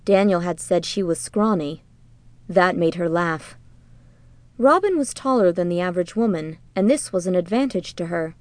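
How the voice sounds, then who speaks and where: A woman narrating an audiobook in a measured, even storytelling manner, recorded close to the mic. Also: fairly low pitch, no echo. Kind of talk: scripted narration.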